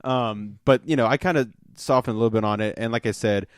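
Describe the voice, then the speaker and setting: A man hosting a podcast, chatting casually in a rambling, excitable, profane way. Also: medium pitch, quick pace, smooth, dry recording, clean studio sound. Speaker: podcast host. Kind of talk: casual chat.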